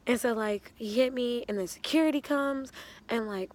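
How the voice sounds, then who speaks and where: Young woman w/ a slightly high voice, chatty storytime, lots of slang and laughing. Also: normal speed. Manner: animated, slangy, laughs often. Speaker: vlogger. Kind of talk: casual storytime.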